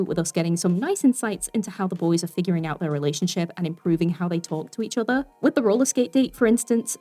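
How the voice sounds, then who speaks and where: A young woman giving casual spoken commentary with chatty, animated asides and frequent laughter. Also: lowish voice. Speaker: art commentary YouTuber.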